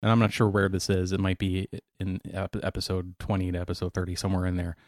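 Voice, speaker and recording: Podcast co-host, male, low pitch, dry relaxed delivery. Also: fast, no room sound. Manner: relaxed, sets up topics and clips. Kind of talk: casual chat.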